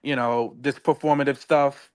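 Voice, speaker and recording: A man's voice: medium pitch, fairly even intonation, moderate pace, smooth. A man co-hosting a podcast, chatting casually about a reality show, rambling and searching for words with many fillers. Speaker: podcast co-host.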